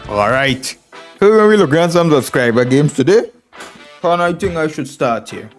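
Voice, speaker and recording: A man's voice: a little high, animated, normal speed, soft background music. A man with a strong Trinidadian accent, chatting on a live chess stream in a boisterous, drawling way and tagging "man" onto his sentences. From Trinidad and Tobago. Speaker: chess streamer, international master. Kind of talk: casual live stream chat.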